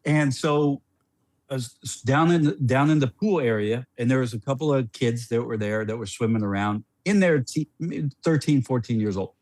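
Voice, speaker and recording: A middle-aged man, a former player as podcast guest, telling a story in a rambling, animated way with many restarts. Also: medium pitch, normal speed, dry recording.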